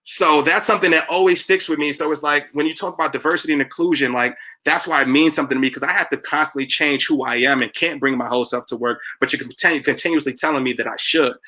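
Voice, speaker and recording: A man in his thirties from New York hosts a casual podcast chat, acting out what people said as he tells a story. His voice is bright and sits a little high, and he talks very fast. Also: poor audio. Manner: animated storyteller, quotes people with shifting voices. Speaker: podcast host.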